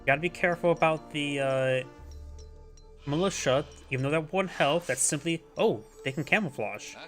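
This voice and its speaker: A man's voice: a little high, moderate pace, fairly bright tone, soft background music. Congested man casually casting a game. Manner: casual, thinking aloud, self-correcting. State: congested, stuffy nose. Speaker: game caster. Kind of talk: live game commentary.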